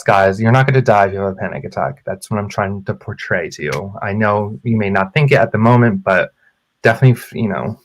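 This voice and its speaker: A man on a casual podcast, telling a personal story in a lively, dramatic way and acting out what people said. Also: on the low side. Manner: animated, dramatic storyteller with acted quotes. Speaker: podcast co-host.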